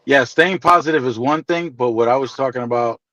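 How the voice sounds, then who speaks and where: A man's voice: medium pitch, a little fast, bright, forceful tone, no echo, low-quality recording. A man in casual group chat, playfully telling a story and teasing his friends.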